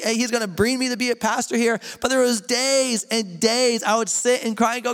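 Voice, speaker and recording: A young man preaches in a church, and his high voice carries a long hall reverb. He retells the stories loosely and with energy, dropping slang like an old friend. It is a casual, lively sermon from the pastor himself. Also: brisk, few pauses, clean tone. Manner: casual, animated storytelling with slang.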